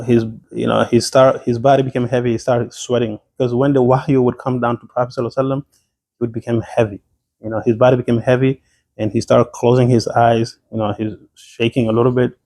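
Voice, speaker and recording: A sheikh delivering a sermon, a man with a mellow, warm voice at a middling pitch. He retells the story earnestly, throws out emphatic questions and often restarts his sentences.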